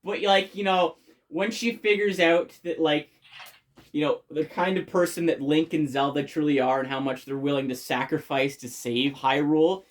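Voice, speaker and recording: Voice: medium pitch, steady tone, moderate pace. Swearing, rambling game reviewer. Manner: rambling, swears constantly, many fillers and restarts; enthusiastic. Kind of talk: casual spoken game review.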